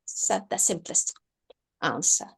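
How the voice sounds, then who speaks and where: Careful woman speaking English. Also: takes it slowly. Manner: careful, searching for words, non-native phrasing. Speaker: guest lecturer. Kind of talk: answering audience questions. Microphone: video call.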